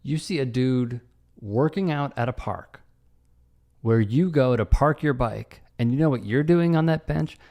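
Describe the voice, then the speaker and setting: A man's voice: medium pitch, animated, a little slow, dark tone. A man hosting online news commentary, emphatic and sarcastic, with an indignant edge. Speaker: commentary host.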